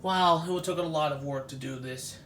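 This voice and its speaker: A man vlogging as he walks through an exhibition, talking in a halting, nostalgic way with frequent restarts. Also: a little high, a bit bright, slight background noise. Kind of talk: casual walk-through commentary.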